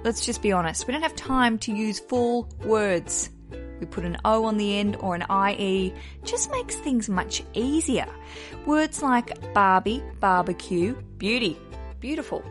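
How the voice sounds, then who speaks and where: An Australian woman chats through her podcast segment with an upbeat, playful energy and a self-deprecating streak. Her pitch sits in an ordinary middle range. Soft music plays faintly behind her. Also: big pitch swings, a little slow. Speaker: podcast host. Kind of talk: chatty podcast monologue.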